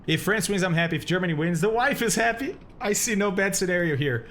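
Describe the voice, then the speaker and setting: A man's voice: high voice, expressive, fast, a bit bright, a little hiss or hum. A man streaming a flight simulator, chatting casually with viewers, reading chat aloud and laughing often.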